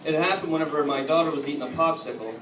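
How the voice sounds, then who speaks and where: A man doing a stand-up comedy routine on a club stage, telling edgy jokes and bantering with the crowd, at times getting loud. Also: a little high, very fast. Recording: echoey, distant, noisy live room.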